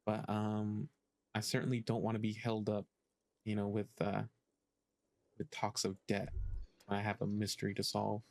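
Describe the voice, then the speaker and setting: A man giving casual let's-play commentary, hesitant and thinking aloud with many pauses. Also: lowish voice, completely flat delivery, creaky, a little mellow, no room sound. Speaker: gaming streamer.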